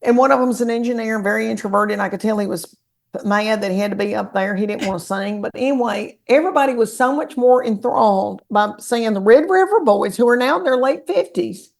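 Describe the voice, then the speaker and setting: Brief: Southern US comedienne, middle-aged, gravelly, animated storyteller. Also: female voice, a little high, a little fast. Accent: Southern American. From Southern US, Tennessee. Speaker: comedian guest. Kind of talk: casual storytelling chat.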